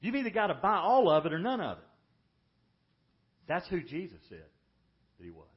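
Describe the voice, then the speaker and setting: A man preaching a sermon as pastor, emphatic, often dropping to a hushed, slow delivery for weight. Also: high-pitched, huge pitch swings. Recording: dull lo-fi sermon audio.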